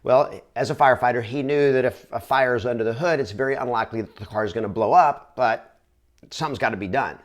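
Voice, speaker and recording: A man working as a real estate trainer, telling a motivational story to camera in an earnest, conversational way with quick restarts. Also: mid-range voice.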